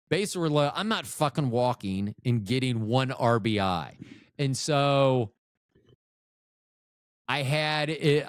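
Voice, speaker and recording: A middle-aged man recovering from a stroke rambles through a casual podcast monologue, swearing freely and cutting himself off mid-thought. His pitch swings up and down a lot as he talks. The sound is dry and close, with almost no room around it. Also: no room sound. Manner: rambling, profane, self-interrupting. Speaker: podcast host.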